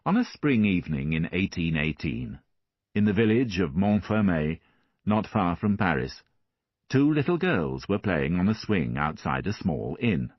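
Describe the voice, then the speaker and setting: A man reading a classic novel aloud as an audiobook narrator, measured and expressive. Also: deep voice, dry recording, lo-fi sound.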